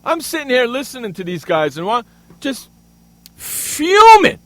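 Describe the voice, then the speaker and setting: A man hosting a sports radio show, ranting angrily and loudly with plenty of profanity. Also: very high voice, very animated, brisk. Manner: loud, angry, profane ranting. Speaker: radio host. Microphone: studio microphone.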